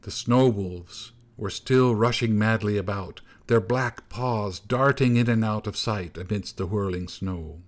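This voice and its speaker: Man narrating a folk tale, very slow pacing, measured delivery, storybook read-aloud, sometimes hushed. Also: lowish voice.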